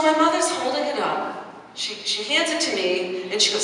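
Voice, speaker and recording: A middle-aged woman telling stand-up comedy stories, animated and acting out scenes with quoted voices. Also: fairly high pitch, normal speed. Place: comedy club stage. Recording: echoey hall from far off, noisy.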